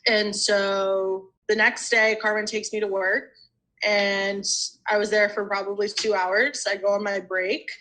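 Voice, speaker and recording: A woman's voice: mid-range voice, flat delivery, measured pace, pushed and bright, a little hiss or hum, poor audio. Young woman telling her story casually. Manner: rambling, fills speech with "you know" and "like". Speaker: guest sharing recovery story.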